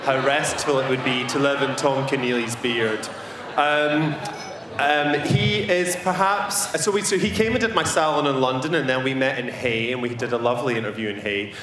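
A man's voice: medium pitch, normal speed, crowd noise. Guy hosting a live podcast show, jokey and chatty, roomy sound. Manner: chatty, playful, joking. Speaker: podcast host. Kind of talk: live event introduction. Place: live venue stage.

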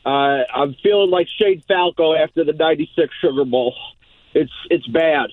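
A man calling into a radio show from his mobile, speaking slowly in a mock-dejected, deadpan way. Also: fairly high pitch, no room sound. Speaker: regular caller. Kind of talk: call-in. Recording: tinny phone line from a mobile.

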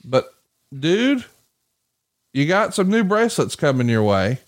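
A man with a slightly high voice and an unhurried pace hosts a podcast, telling a story in casual chat. Animated and profane, he swears plenty and performs the voices of those he quotes.

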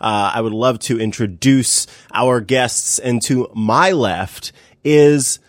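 A man's voice: mid-range voice, slow, no echo. Playful male podcast host, dry sound. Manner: playful, introduces guests and poses questions. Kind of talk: casual tech chat. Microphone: remote podcast microphone.

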